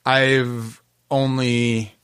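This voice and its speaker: A man co-hosting a podcast, chatting casually about music, unhurried and hesitant, often laughing. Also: medium pitch, little pitch movement, a bit bright, clear, resonant tone. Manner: unhurried, giggly, hesitant with fillers. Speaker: podcast co-host.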